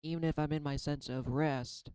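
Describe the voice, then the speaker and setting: Man in his thirties, tired, rambling and candid, swears casually, smooth clear voice, dry close sound. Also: a little high, fairly even intonation, moderate pace, a little mellow, no echo, low-quality recording. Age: 30s. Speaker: tarot reader and artist. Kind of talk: casual spiritual vlog.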